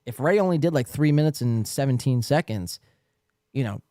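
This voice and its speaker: A man's voice: mid-range voice, animated, moderate pace, mellow, no room sound, clean studio sound. A man hosting a podcast in casual chat, swearing freely and mimicking accents. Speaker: podcast host.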